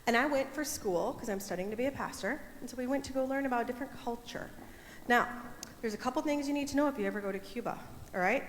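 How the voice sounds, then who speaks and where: A woman's voice: fairly high pitch, quick pace, slight background noise. A young woman leading a children's message in church, playful and coaxing the kids to join in. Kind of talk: children's sermon, teaching kids. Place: church sanctuary. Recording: echoey hall, faint room ambience.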